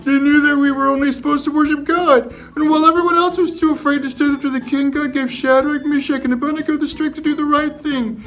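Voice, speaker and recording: A man playing the Bible hero Daniel as a cheerful storyteller for children, retelling his story with excited emphasis. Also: extremely high pitch, fast, faint music behind, pitched above the performer's own voice, poor audio. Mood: upbeat.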